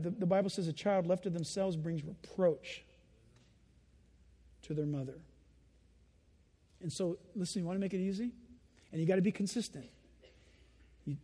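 A man preaching a sermon in an animated way, acting out the voices of children and laughing as he goes. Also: high voice, moderate pace, pauses often, slightly rough, in a large hall. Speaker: pastor.

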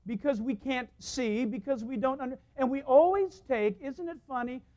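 A man preaching a sermon as the church's pastor, telling stories in a lively way and laughing at his own anecdotes, recorded in a church. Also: extremely high pitch, normal speed. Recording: dull lo-fi sound.

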